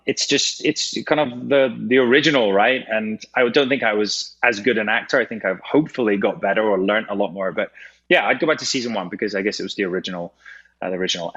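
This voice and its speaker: Scottish man, bright voice over a video call. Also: medium pitch. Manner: chatty, laughing, many restarts. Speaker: actor guest. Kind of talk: casual interview chat. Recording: dull lo-fi video call audio.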